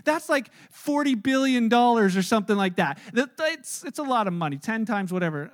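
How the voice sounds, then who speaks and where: A middle-aged man, a pastor preaching a sermon, who tells its story with animated energy and acts out the people in it. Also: sits high, fairly quick, hardly any pauses.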